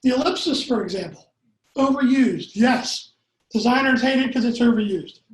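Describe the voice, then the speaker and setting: A man with a high, light voice lectures a live audience on copywriting. He keeps cracking jokes, drifts into asides and tosses out rhetorical questions. The sound is roomy and echoey, as in a seminar room. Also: moderate pace. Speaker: copywriting workshop instructor.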